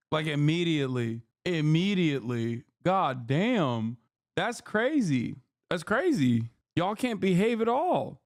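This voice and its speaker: A male streamer rants at his chat in a slightly high voice, heated and profane, scolding viewers as he reacts to a video. The sound is dry and close, with no room around it. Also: smooth, no room sound. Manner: heated, exasperated ranting with heavy profanity. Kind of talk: live-stream commentary.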